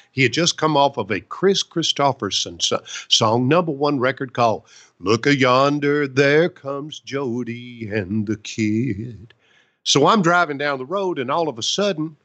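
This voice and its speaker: A man's voice: medium pitch, fairly bright tone, lo-fi sound. Folksy older man telling stories. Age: 70s. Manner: folksy, chatty storyteller. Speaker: veteran and songwriter guest. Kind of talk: casual storytelling interview.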